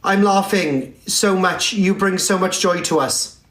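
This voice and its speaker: A man live streaming and reading chat comments aloud in a teasing, theatrical way, jumping from shouts to low mutters. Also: unhurried. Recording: echoey room with faint music.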